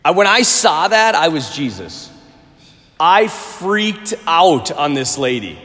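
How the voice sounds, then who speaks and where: A man preaching a homily as a Catholic priest, conversational and animated, mixing humor into his preaching. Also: on the high side, takes it slowly. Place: large church. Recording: reverberant church hall.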